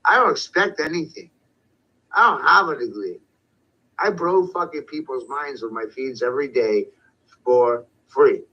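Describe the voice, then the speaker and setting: Guy ranting slow and sweary, bright edgy voice, kinda dull muffled recording. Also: mid-range voice, lively intonation, husky. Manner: profane, confrontational, shouting at times. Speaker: online commentator. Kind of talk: ranting monologue. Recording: dull lo-fi sound.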